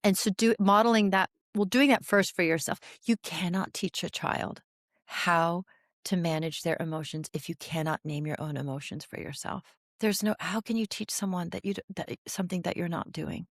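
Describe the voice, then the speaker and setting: A woman in her forties, a therapist talking as a podcast guest, explaining with animated energy and frequent restarts. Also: fairly low pitch, normal speed, dry recording, studio quality. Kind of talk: podcast interview conversation.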